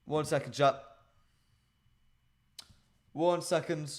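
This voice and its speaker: A man with a fairly high voice talks at a slow pace with fairly even intonation. He's a livestream host on a relaxed football stream, chatting straight to his viewers with lots of ums.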